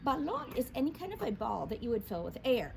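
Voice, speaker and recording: A woman's voice: a little high, huge pitch swings, fairly quick, creaky, slight background noise. A woman teaching a children's Spanish vocabulary lesson, upbeat and prompting her class to repeat each word.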